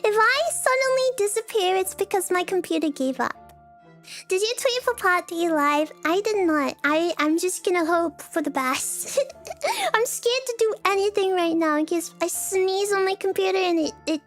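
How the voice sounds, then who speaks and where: A woman with a very high, squeaky voice chats casually with her viewers. She giggles a lot and plays up every mishap with mock drama and self-mockery. Soft music plays faintly underneath. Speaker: streamer.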